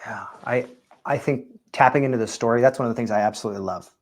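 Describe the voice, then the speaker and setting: A male podcast host gives affirming responses to his guest. He asks his questions and closes the show. His voice sits at a middle pitch. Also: quick pace. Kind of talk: interview.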